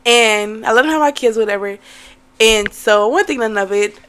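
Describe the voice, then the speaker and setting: A woman's voice: fairly high pitch, a little fast, clean tone. Young woman venting in a vlog. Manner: animated, swearing, addresses viewers as y'all. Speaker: vlogger. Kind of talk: casual story time vlog.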